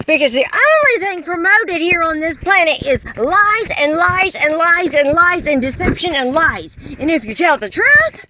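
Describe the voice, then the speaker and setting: A woman's voice: sits high, muffled recording, background noise. A woman delivering an impassioned, exasperated monologue full of rhetorical questions. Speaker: caller addressing unseen listeners.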